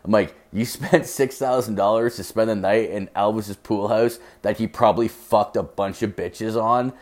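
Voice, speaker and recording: A rowdy young man from Canada tells a story on his podcast, swearing constantly and playing out both sides of the exchange. His voice sits a little low, and he talks in a loose, casual way. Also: fairly even intonation, moderate pace, a little mellow. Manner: profane, rowdy, acts out both sides of dialogue. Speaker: podcast host.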